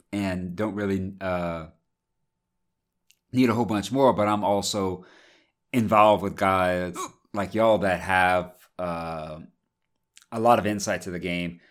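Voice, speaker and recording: Very deep-voiced man chatting about games. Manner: relaxed, trails off with fillers. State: has the hiccups. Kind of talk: casual gaming discussion.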